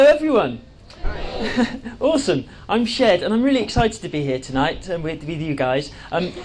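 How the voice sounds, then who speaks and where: A man's voice: high voice, poor audio. A man giving an enthusiastic presentation to a live audience, chatty and full of fillers and restarts. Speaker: speaker at a live talk.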